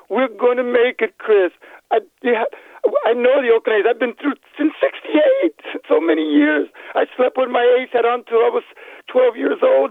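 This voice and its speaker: A man's voice: extremely high pitch, no echo. An older man calling in to a radio show, emotional and rambling, his voice a little worn after illness. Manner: emotional, rambling, repeats himself. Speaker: caller. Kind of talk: emotional call-in. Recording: tinny phone line.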